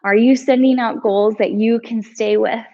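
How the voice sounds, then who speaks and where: A woman instructor leading a live yoga flow, giving calm breath cues with chatty asides, a little out of breath. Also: fairly high pitch, moderate pace, lo-fi sound. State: slightly out of breath. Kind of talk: live yoga class cueing.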